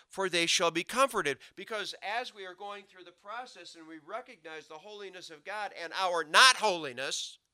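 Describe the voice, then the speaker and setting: A man preaching a sermon, swinging from loud emphatic lines to low quiet asides. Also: clean tone, dry recording, studio quality. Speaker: pastor.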